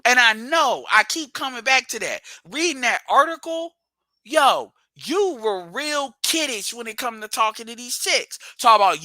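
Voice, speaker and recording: A man's voice: very high voice, sing-song, moderate pace, sharp tone, dry recording. A man hosting a livestream, ranting bluntly and profanely and hammering his points through repetition. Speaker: livestream host.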